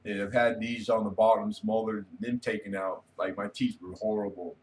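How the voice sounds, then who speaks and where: A man's voice: lowish voice, steady tone, normal speed. A man hosting a casual late-night livestream, rambling easily and reading viewer comments aloud. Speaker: livestream host.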